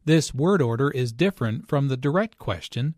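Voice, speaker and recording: Guy teaching english phrases, slow careful explaining, dry close sound. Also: mid-range voice, animated, darkish tone, no echo. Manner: slow, deliberate explaining with stressed key words. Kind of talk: scripted lesson narration.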